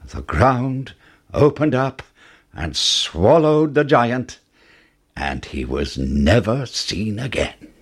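A man reads a fairy tale aloud in an expressive storybook manner. His voice is slightly husky and unhurried, rising and falling a great deal. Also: medium pitch. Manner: expressive, sing-song. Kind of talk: storybook narration.

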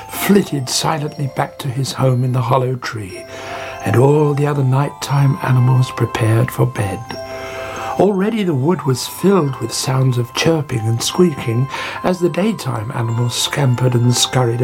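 Brief: playful storybook narrator, mid pitch, clear music bed underneath. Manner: expressive, playful reading. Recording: music playing behind.

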